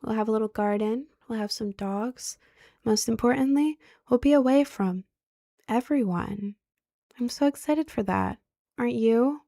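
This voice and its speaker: A woman putting on a creepy young man who whispers low and close, hushed and threatening in a whispered role-play. The voice carries a gravelly edge and sounds dry and close to the mic. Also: unhurried, no echo.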